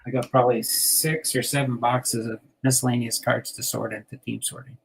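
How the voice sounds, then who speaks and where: Older man from jersey, raspy gravelly voice, chatty and giggly. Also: medium pitch, flat delivery, normal speed. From New Jersey. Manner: chatty, laughs often, reads out card names. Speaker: host sorting baseball cards on a stream. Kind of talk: casual chat.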